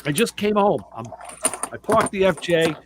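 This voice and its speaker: A man tells stories in a casual chat, his voice slightly high and swinging widely up and down. He slips into other people's voices as he goes. Faint noise sits under the recording. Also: moderate pace. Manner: animated, acts out others' voices in a high pitch. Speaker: podcast co-host.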